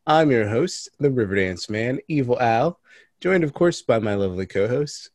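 A man's voice: mid-range voice, expressive, normal speed, a little mellow, dry recording, studio quality. A young adult man hosting a podcast in casual chat, joking and laughing as he recaps a movie. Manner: jokey, laughs often, recaps with restarts. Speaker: podcast host.

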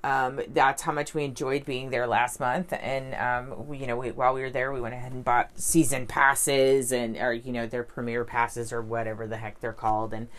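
Low-voiced chatty woman vlogger. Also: level tone, normal speed, hardly any pauses. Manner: rambling, chatty, lots of fillers and restarts. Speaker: vlogger and life coach. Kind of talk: casual vlog storytelling.

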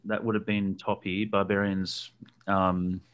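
Man with a really deep low voice, chatty host, lots of ums, rambles thru details. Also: flat delivery, a little slow, smooth, dull audio. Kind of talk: casual recollection interview.

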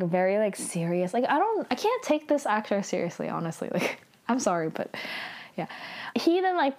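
A woman's voice: on the low side, darkish tone. A young woman talks through a drama episode in a loose, casual recap. She fills her sentences with "like" and "you know" and playfully acts out the characters' lines as she goes. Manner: chatty, filler-heavy, playful quoting of characters.

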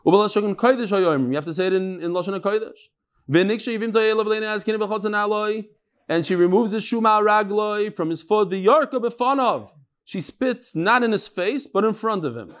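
A middle-aged man teaching a daily Mishnah class, animated and joking, mixing Hebrew terms into his English as he demonstrates. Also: high voice.

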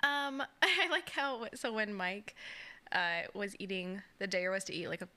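Bright-voiced young woman, animated chat. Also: medium pitch, moderate pace. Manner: animated, laughs often, acts out quotes. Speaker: podcast co-host. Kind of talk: casual chat recapping a reality show.

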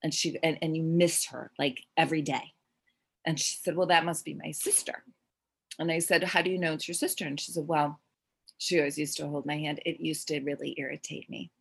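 A woman's voice: low-pitched, fairly even intonation, a little fast, gravelly, breathy edge. A middle-aged woman, a medium, telling a long personal story in casual conversation, rambling and restarting with frequent fillers. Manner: rambling, self-interrupting, with frequent "like" and "um". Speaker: medium sharing readings.

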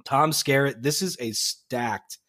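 A man's voice: medium pitch, takes it slowly, fairly bright tone, no echo, studio quality. A man co-hosting a podcast in easygoing casual chat, swearing and laughing now and then. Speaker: podcast co-host.

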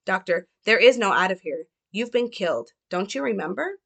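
A woman's voice: mid-range voice, expressive, normal speed, vocal fry, fairly bright tone. A woman reading as a cold, taunting eyeless doctor.

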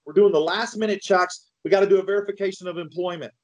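A man's voice: sits high, fairly even intonation, quick pace, a little mellow, rough recording. A man, a mortgage lender guest, telling exasperated anecdotes in casual chat.

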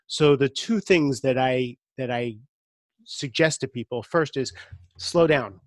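A middle-aged man talking as a guest in a relaxed interview, earnest and thinking aloud, restarting phrases as he goes. His voice sits at an ordinary pitch for a man. The recording is dry and close, with no room sound. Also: a little slow, no room sound. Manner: earnest, repeats words while thinking aloud. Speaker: guest coach. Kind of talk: conversational interview.

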